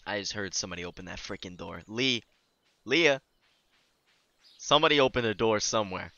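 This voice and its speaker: A man's voice: lowish voice, lively intonation, a little fast, sharp tone, lo-fi sound. A young man casually narrating his game playthrough, goofy and lightly cursing as he reads game dialogue aloud. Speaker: gaming YouTuber. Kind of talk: casual let's-play commentary.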